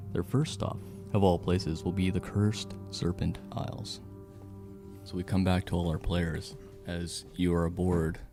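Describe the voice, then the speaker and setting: A man's voice: low-pitched, vocal fry. A man narrating a tabletop game as game master, mixing dramatic storytelling with casual rulings for the players.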